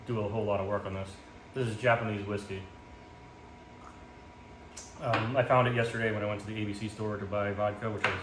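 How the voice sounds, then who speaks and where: A man chatting casually while cooking at home, rambling with lots of ums and self-mocking jokes, filmed on a phone. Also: on the low side. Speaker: home cook vlogger. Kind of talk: casual cooking vlog chat. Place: home kitchen. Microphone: phone camera in portrait mode. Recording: echoey room with background noise.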